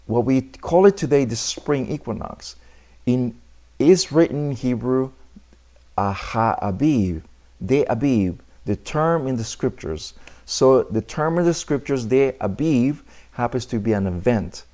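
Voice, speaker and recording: A man teaching scripture with plenty of emphasis. His voice sits at an ordinary middle pitch, and he often breaks off to restart a word. He keeps asking the listener rhetorical questions as he goes. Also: lively intonation, mellow. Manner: halting, restarts words.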